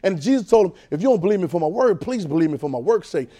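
A man's voice: high-pitched, very animated, very fast, mellow. A man preacher teaching a Bible class, repeating phrases and pulling call-and-response answers from the room.

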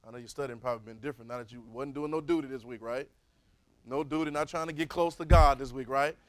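A man, teaching a Bible class in a preaching style, calling for responses and swinging from soft to loud. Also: mid-range voice, fast talker, no echo, poor audio.

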